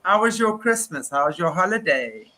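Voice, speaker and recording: A man's voice: high voice, very animated, moderate pace, sharp tone. An older man hosting a casual online chat show, chatty and joking, laughing easily. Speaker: host.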